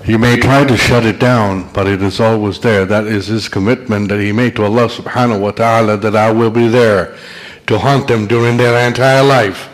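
Low-voiced man moderating a Q&A. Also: fairly even intonation, normal speed, hardly any pauses.

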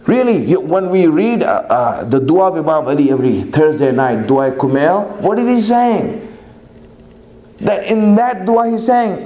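High-voiced man preaching in an echoey room. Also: animated, a little slow, warm tone. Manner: storytelling, acting out dialogue, rising to emphatic exhortation. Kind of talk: sermon with a told parable.

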